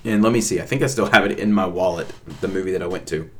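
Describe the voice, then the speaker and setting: A young man co-hosting a casual podcast with his partner, ranting playfully and getting loudly worked up. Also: low-pitched, fast. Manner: playful ranting, animated outbursts. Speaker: podcast co-host. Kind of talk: casual chat.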